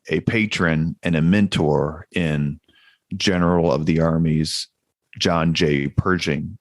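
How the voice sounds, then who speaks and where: Male podcast host, low and even, close dry mic, curious questions. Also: no room sound.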